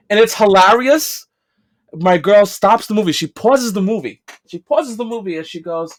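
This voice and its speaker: Animated New York-accented man chatting. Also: high voice. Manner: animated storyteller, quick to deny, interrupts with short replies. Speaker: podcast co-host. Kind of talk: casual chat.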